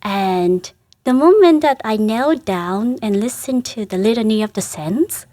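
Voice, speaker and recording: A woman speaks slowly, her halting phrases broken by soft laughs. She is a religious sister answering interview questions in her own unhurried way. The sound is dry, with no room echo. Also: mid-range voice, expressive. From Vietnam. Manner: halting, earnest, laughs softly between phrases. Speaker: Catholic sister, interview guest. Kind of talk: casual interview.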